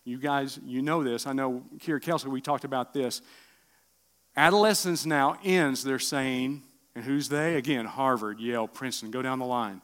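A middle-aged man preaching a sermon, asking the room questions and swinging from loud bursts to hushed lines. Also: mid-range voice, moderate pace, smooth. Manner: animated preaching with rhetorical questions and sudden drops to quiet. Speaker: pastor.

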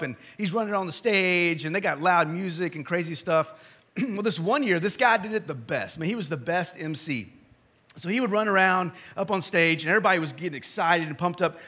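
Male pastor, bright and somewhat high-pitched, preaching with animated, dynamic delivery. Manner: animated storytelling, swinging from shouts to quiet appeals. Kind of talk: sermon.

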